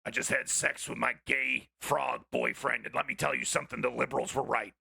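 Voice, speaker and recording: A man voicing a frantic male conspiracy radio host who rants and shouts. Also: medium pitch, steady tone, fairly quick, vocal fry, breathy edge, exaggerated voice. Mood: mock solemn. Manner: shouting, overwrought rant.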